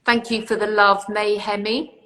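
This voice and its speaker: A woman's voice: medium pitch, level tone, normal speed, pushed and bright. A British woman from near London hosting a live online interview, reassuring and chatty, thanking viewers by name. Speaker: host.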